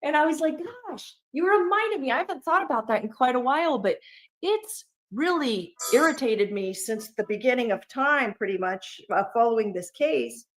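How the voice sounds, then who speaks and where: A woman with a fairly high voice co-hosts a livestream. She talks in a lively, conversational way and leans hard on her points. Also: normal speed. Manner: animated, conversational, emphatic. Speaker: livestream co-host. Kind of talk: casual commentary.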